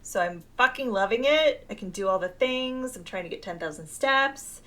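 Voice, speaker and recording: A female podcast co-host, a mother of school-age kids, talks in a chatty, easygoing way. She keeps dropping into quick retellings of what her family said. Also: mid-range voice. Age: adult with school-age children. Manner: chatty, quotes people in lively asides. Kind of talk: casual film review chat.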